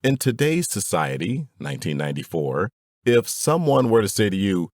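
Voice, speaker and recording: A man reading a fatherly advice book aloud in a deliberate, instructive way, speaking to his son. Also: lowish voice, big pitch swings, no echo, clean studio sound. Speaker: narrator.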